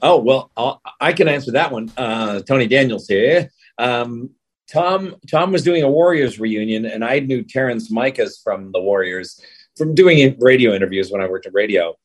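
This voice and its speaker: A man talks in a chatty, joking way as an interview guest. His middle-pitched voice has a husky edge. He is heard over a remote call. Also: animated, normal speed. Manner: chatty and jokey. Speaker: guest voice actor and musician. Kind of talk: casual interview chat.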